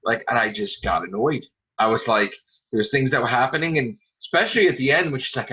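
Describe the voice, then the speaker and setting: A man hosting a casual podcast chat, animated and acting out scenes with loud outbursts. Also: medium pitch, fast talker, husky, highs cut off. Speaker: podcast host.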